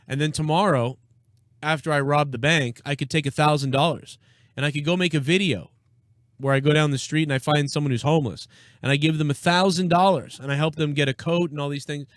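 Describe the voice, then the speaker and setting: A man's voice: fairly high pitch, fairly even intonation, brisk, no room sound, clean studio sound. A young man hosting a live reaction stream, talking bluntly and sarcastically, with plenty of swearing. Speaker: live-stream show host. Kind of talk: casual political reaction stream.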